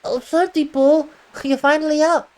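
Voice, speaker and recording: A woman's voice: high voice, fairly even intonation, normal speed, voice pushed up, natural voice. Brief: woman voicing a simple, lisping cartoonish dog sidekick, voice pushed well up. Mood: worried. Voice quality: lisp, talks about itself as "me".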